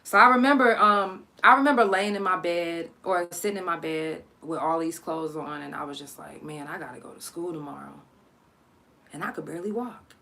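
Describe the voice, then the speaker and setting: A woman from Oklahoma hosting a live storytime podcast, telling her story in a loose, profane, halting way with many fillers. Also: on the low side, vocal fry. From Oklahoma, USA. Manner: sharp, irritated scolding at callers. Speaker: podcast host.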